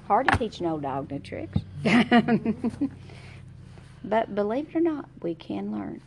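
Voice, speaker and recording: A middle-aged woman leads a casual Bible study, her voice at an ordinary middle pitch. She chats through her points and hunts aloud for verses. A faint hiss of background noise sits under her voice. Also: sing-song, takes it slowly, gravelly, a little mellow. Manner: conversational, searches aloud for verses, reads scripture aloud. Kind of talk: informal Bible study talk.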